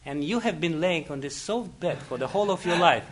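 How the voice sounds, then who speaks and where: A man's voice: fairly high pitch, lively intonation, fairly quick, a crowd in the background, natural voice. A man voicing a poor cleaning woman who laughs through her words while she is being beaten. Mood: gleeful.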